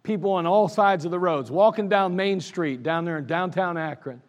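A man with an Ohio accent, a pastor telling his church's history in an anniversary sermon, animated and laughing at his own stories. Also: high voice, normal speed. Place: church sanctuary. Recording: church service recording with long hall reverb.

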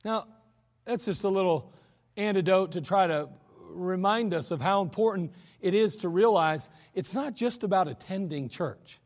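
A man's voice: high-pitched, moderate pace, darkish tone. A man preaching a sermon in a church, earnest and emphatic in a conversational way. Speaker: pastor. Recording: echoey church hall.

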